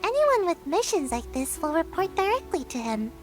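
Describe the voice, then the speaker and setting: A woman's voice: very high voice, sing-song, normal speed, faint music behind. A woman voicing a timid, sleepy little girl ninja in a game, who sighs and yawns. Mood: explaining. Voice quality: drowsy, sighing, yawning.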